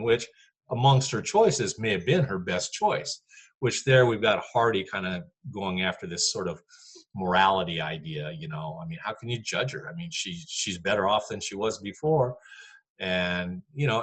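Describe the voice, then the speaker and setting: A man's voice: sits low, a bit bright, slightly rough. A man teaching a poetry class in a chatty, rambling lecture full of fillers.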